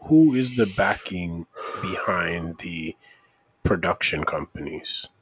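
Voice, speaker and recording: A man's voice: sits low, very animated, takes it slowly, fairly bright tone, slightly rough, low-quality recording. A man in casual conversation who asks short, probing questions.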